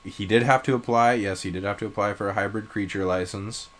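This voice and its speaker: A man co-hosting a casual comedy podcast, telling absurd crude stories in a deadpan way. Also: fairly low pitch, fairly quick. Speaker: podcast co-host.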